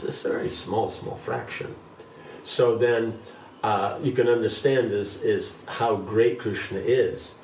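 A man leading a scripture class, reading a passage aloud and then explaining it in an unhurried way. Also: fairly low pitch, a little mellow, slight background noise. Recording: roomy, distant mic, faint background.

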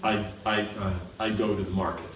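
A man with a fairly low voice teaches a scripture class, patiently explaining and often asking whether his students follow. He is heard from a distance in a very echoey room, with a little background noise. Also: flat delivery, moderate pace, fairly bright tone, highs cut off. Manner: patient, explaining with repeated checks for understanding. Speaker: spiritual teacher.

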